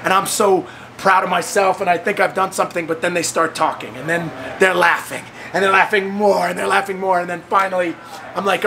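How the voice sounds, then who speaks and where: A man hosting, telling a story casually and acting out the voices he quotes with big leaps in pitch. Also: steady tone, fairly quick, gravelly, pushed and bright, a little hiss or hum. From United States. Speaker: host of the fitness training program.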